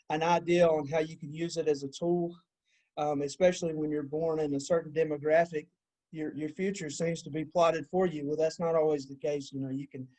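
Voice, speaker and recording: A man's voice: on the high side, dark tone, poor audio. A man in his twenties, a podcast guest, talking earnestly and motivationally and calling the host "man" a lot. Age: 20s. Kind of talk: casual interview chat.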